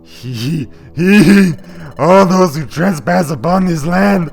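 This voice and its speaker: Guy doing a creepy cackling spirit thing, theatrical igor voice, kinda higher and stretched out. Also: gravelly, full character voice. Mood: menacing glee. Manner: theatrical hunchback-servant voice, drawn-out cackling. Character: creepy male tomb spirit, menacing, gleeful. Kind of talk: reading game dialogue aloud.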